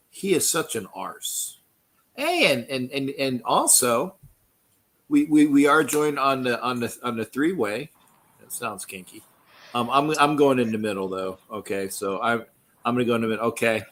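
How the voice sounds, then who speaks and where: A man's voice: medium pitch, a bit bright, poor audio. A middle-aged man, hosting a sports livestream in loose, profane, rambling chat full of restarts. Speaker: livestream host.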